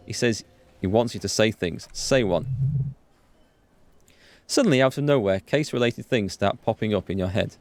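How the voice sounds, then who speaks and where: A man hosting a let's play, reading the game's dialogue aloud with quick asides to viewers. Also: soft background music. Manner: reads dialogue aloud with quick asides, jumps in pitch when excited. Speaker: gaming channel host.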